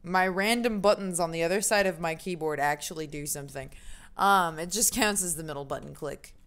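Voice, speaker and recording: A woman's voice: on the low side, a little fast, fairly bright tone. Chatty woman streaming a game. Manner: chatty, self-mocking, laughs often. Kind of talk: casual game commentary.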